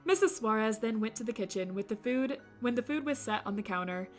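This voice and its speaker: A woman streamer reading a visual novel aloud, breaking off for animated, jokey commentary. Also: fairly high pitch, a little fast, faint music behind. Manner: animated, jokey asides with laughter.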